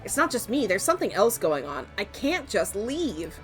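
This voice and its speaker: A woman's voice: mid-range voice, big pitch swings, moderate pace, soft background music, natural voice. A woman reading a wary young actress. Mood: troubled.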